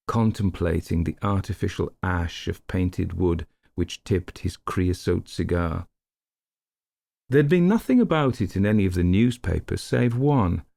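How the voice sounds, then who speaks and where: Deep, gravelly male audiobook narrator. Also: darkish tone, no room sound.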